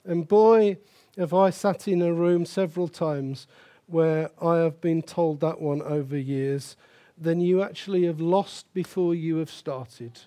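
A man's voice: on the high side, fairly even intonation, measured pace, dark tone. An older man preaching a sermon as pastor, emphatic and repeating key phrases for stress.

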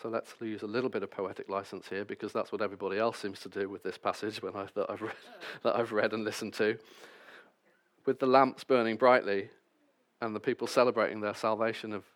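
A man's voice: fairly low pitch, steady tone, a little fast. A man preaching a sermon, reading scripture passages and then explaining them with wry, self-deprecating asides.

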